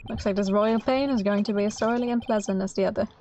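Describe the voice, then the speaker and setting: A woman's voice: medium pitch, fairly even intonation, fast talker, dark tone, highs cut off, a little hiss or hum, natural voice. A woman voicing an exasperated young male defense lawyer, grumbling and incredulous.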